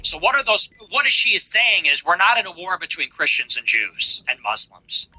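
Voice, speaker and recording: A man hosting a show, commenting on a played clip in an animated, mocking way and slowly repeating phrases. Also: high-pitched, slightly rough, low-quality recording. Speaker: show host.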